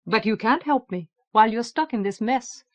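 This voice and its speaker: A woman's voice: on the high side, lively intonation, moderate pace, lightly acted. A woman voicing a blunt male alien soldier in an audiobook, plain-spoken and direct.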